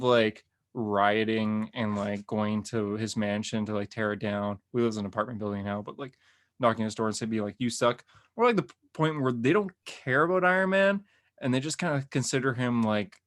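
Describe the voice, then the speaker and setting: A male podcast host talking through a comic review in an easygoing, rambling way. His pitch sits right in the middle of the male range, and he piles on filler words as his enthusiasm builds. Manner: rambling and excited, many "like" fillers. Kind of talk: casual comic book review chat.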